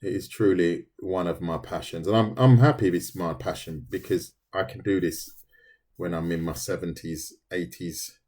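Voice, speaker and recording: This middle-aged livestreaming artist talks casually to his audience as he draws, dropping "mate" often. His voice is low-pitched and a little mellow, at an ordinary pace.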